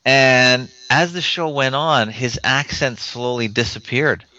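A man's voice: medium pitch, steady tone, slow pace, pushed and bright. A man hosting a casual chat, speaking plainly and emphatically. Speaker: host. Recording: dry, muffled lo-fi audio.

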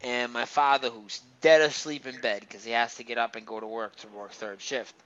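Smooth-voiced man rambling through a ghost story. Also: mid-range voice, normal speed. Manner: rambling, animated ghost story with many fillers and restarts. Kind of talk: casual storytelling. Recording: slightly dull, muffled recording.

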